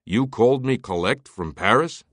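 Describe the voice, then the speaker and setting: A man voicing a harried, exasperated book editor with a brisk, incredulous manner. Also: medium pitch, expressive, fairly bright tone, no echo, clean studio sound, voice pushed up.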